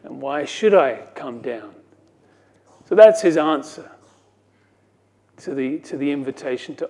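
A man's voice: fairly high pitch, expressive, unhurried, long pauses, darkish tone. A man preaching a sermon as pastor, earnest, with dry self-mocking asides.

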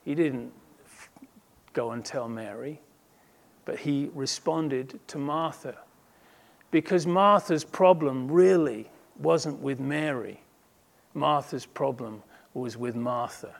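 A man's voice: medium pitch, takes it slowly, gravelly. A man preaching a sermon as a pastor, earnest and emphatic, building intensity through repeated phrases.

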